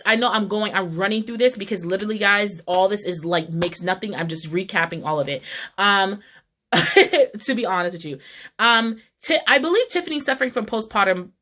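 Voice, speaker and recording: A woman's voice: mid-range voice, sharp tone. A woman giving a casual, opinionated TV episode recap in heated, slangy talk. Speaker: TV recap vlogger.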